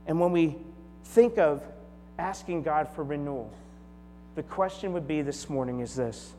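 A man in his forties preaching a conversational sermon. He shifts from lively storytelling to soft, hushed prayerful tones. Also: a little high. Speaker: pastor. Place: church sanctuary. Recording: long hall reverb with faint mains hum.

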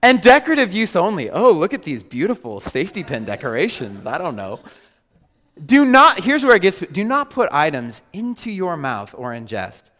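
Animated preacher in a reverberant hall. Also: male voice, high voice, normal speed. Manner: animated, joking with the congregation. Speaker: pastor. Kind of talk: sermon. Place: large church hall.

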